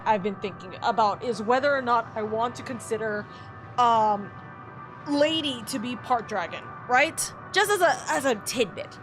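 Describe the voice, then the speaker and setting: A woman's voice: fairly high pitch, expressive, normal speed. A woman streaming a game, tearing up and talking emotionally with swearing and stumbling restarts. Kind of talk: emotional gameplay commentary. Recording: game music playing behind.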